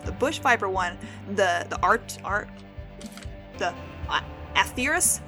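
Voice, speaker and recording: A woman's voice: mid-range voice, lively intonation, measured pace, over music. A young American woman hosting a casual solo podcast, playful and self-mocking as she stumbles over words. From United States. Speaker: podcast host.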